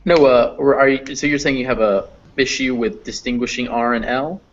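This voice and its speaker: A man's voice: mid-range voice, moderate pace. Patient man teaching phonetics online. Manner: patient, explanatory, with fillers. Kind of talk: live online class explanation. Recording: dull lo-fi online class audio.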